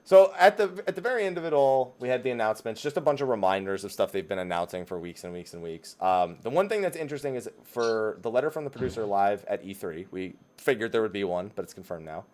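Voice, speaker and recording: A man's voice: on the low side, expressive, quick pace, few pauses, darkish tone. A man hosting a casual gaming podcast, teasing his co-hosts and laughing often. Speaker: podcast host.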